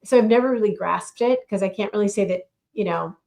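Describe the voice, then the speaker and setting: A woman co-hosting a casual chat podcast, easygoing and talkative. Her voice sits at a middle pitch, and she takes her time. She sounds like she is settled in among friends. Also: vocal fry, darkish tone. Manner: chatty, unhurried, reads aloud from her own book. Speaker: podcast co-host.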